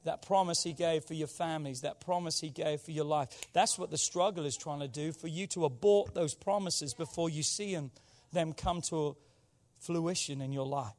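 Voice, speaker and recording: A pastor with a noticeably high voice delivers a sermon to his congregation. He draws them into call-and-response, rising to loud exhortation and then dropping into quiet, intense passages. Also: normal speed.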